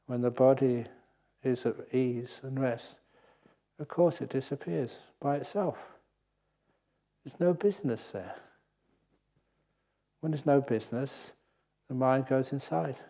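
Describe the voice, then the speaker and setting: An older man giving a gentle, unhurried meditation talk with playful asides, as a meditation teacher on retreat. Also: mid-range voice. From England. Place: meditation hall at a retreat centre.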